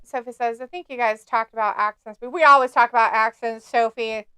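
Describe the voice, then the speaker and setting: Woman co-host reading chat aloud, casual and laughing, bright higher voice. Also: steady tone, fairly quick, clean tone, no room sound. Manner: chatty, reads viewer comments aloud, laughs often. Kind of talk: casual live-stream chat.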